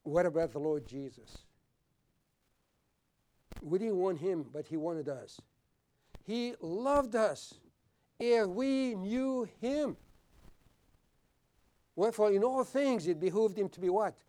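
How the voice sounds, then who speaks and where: A man preaching a sermon, earnest and repeating his words, at times dropping low and soft for solemn points. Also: takes it slowly, long pauses. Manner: earnest, repeats words, clears throat often.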